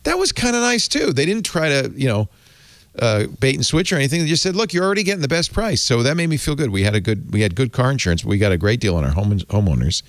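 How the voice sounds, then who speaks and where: A man hosting a tech podcast, chatting casually and reading an ad in a rambling, animated way. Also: medium pitch, fast talker, dry recording. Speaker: podcast host. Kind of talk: casual tech podcast chat and live ad read.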